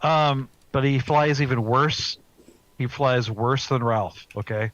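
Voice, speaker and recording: A man's voice: medium pitch, slow pace, fairly bright tone, dry recording, muffled recording. A man co-hosting a podcast, laid-back and casual in his chat. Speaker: podcast co-host.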